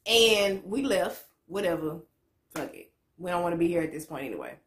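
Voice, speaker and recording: A woman's voice: lowish voice, lively intonation, moderate pace, fairly bright tone. A woman in her late twenties telling a story to camera as a vlogger, blunt and profane, full of slang. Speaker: motivational vlogger. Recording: echoey room.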